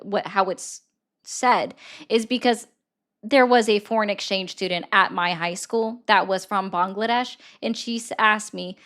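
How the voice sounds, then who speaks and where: A woman hosting a political commentary show, debating a man with pointed, rapid-fire questions. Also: medium pitch, a bit bright. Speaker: host. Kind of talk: argumentative debate.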